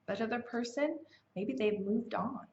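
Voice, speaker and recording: A woman's voice: a little high, moderate pace, darkish tone. A woman hosting a self-help challenge, talking in a casual, conversational way with fillers and self-corrections. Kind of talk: casual motivational teaching. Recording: slightly dull, lo-fi sound.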